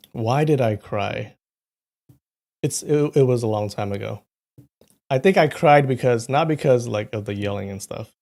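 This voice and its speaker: A young man hosting a live stream, casually chatting with viewers in a rambling storytelling way and often clearing his throat, at a desk mic at home. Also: medium pitch, a little mellow. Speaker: livestream host.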